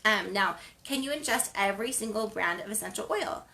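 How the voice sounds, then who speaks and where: Chatty woman with a gravelly edge. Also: mid-range voice, expressive, fairly quick, pushed and bright. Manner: chatty, rambling, frequent ums and restarts. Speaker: wellness show host. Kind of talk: casual spoken segment.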